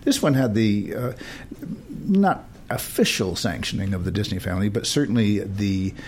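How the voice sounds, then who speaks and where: Man, host, lowish voice, chatty, rambling, faint hum behind. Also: expressive, moderate pace, a little mellow. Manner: chatty, rambling with many fillers. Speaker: radio show host. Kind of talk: casual interview chat.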